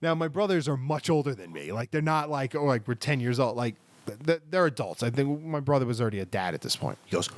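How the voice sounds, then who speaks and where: A man in his thirties tells a rambling, profane story as a podcast co-host, circling back on himself and piling on asides. His voice sits at an ordinary middle pitch. The sound is dry and close, with no room around it. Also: animated, fast, no echo. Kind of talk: casual chat.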